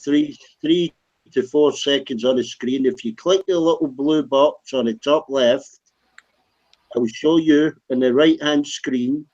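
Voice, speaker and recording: A man's voice: medium pitch, measured pace, a little mellow, muffled recording. A man, a regular in a live voice chat, talking bluntly and swearing hard. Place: at home, lying down.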